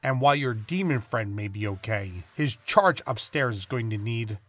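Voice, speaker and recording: A man voicing a brisk, caring male doctor who talks in a firm, matter-of-fact way. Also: medium pitch, expressive, natural voice.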